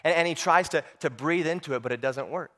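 A man preaching a sermon, telling stories with animated voices and frequent repeated words. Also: a little high, fast.

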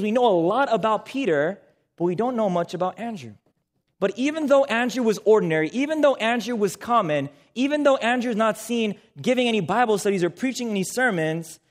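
A young man preaching a sermon, engaging the audience with questions and calls for responses. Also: high voice.

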